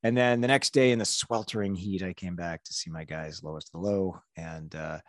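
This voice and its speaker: Middle-aged male podcast host, low voice, rambling anecdotes with laughs, dry close mic. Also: steady tone, moderate pace, no room sound. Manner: rambling storyteller who laughs often. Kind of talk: casual chat.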